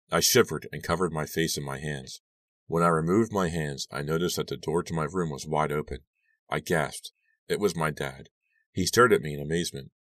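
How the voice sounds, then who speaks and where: A man reading a horror audiobook with steady, suspenseful narration. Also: a bass voice, brisk, no room sound.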